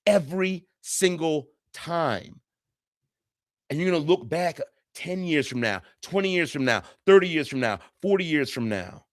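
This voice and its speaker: A man's voice: on the high side, expressive, measured pace, no echo, studio quality. A man coaching on relationships in a casual, earnest teaching talk, repeating points and acting out quoted voices.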